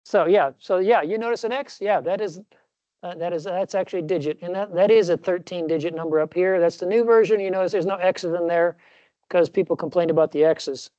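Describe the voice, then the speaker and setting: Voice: medium pitch, a little fast, mellow, dry recording, dull audio. A professor giving a recorded classroom lecture, rambling a little, correcting himself mid-sentence and dropping jokey asides.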